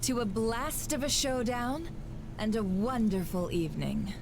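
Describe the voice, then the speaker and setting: An actress playing a sly, composed female gambler and hostess who talks smoothly and teasingly. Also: fairly high pitch, sing-song, unhurried, background noise. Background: game music.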